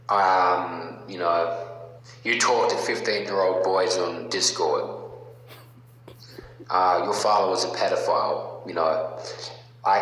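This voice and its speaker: A man talking in a casual, mocking rant, halting with many fillers and restarts. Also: deep voice, a bit bright. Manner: mocking, taunting. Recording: very echoey room with long reverb and faint hum.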